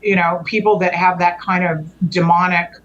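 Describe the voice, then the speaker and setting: A woman's voice: lowish voice, flat delivery, normal speed, fairly bright tone, lo-fi sound, a little hiss or hum. A woman, a guest on the show, telling a long personal story in earnest conversational style, restarting and correcting herself often. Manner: rambling, frequent restarts and self-corrections.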